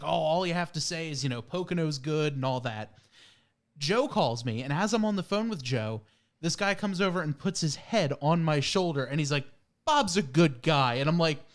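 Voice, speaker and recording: A man's voice: a little high, smooth. A young man, a podcast co-host, telling a story in casual chat and acting out the quotes.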